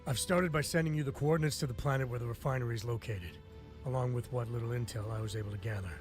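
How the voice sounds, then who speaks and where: An actor playing a calm male intelligence commander giving a formal briefing in a game. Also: medium pitch, natural voice. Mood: serious. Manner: measured, formal briefing delivery. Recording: game audio with faint music.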